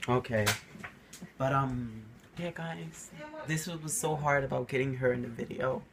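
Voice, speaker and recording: A man's voice: medium pitch, measured pace, a crowd in the background. A young man vlogging to camera, telling personal stories casually and acting out quotes animatedly. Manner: animated, acts out quotes with a raised voice.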